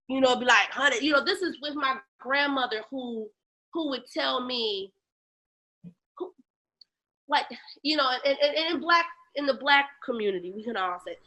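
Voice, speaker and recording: A woman tells her own story in an interview, with a bright voice pitched a little high. She is animated and acts out other people's voices, then drops low and quiet on painful memories. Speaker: guest, lactation educator. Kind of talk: candid personal storytelling in an interview.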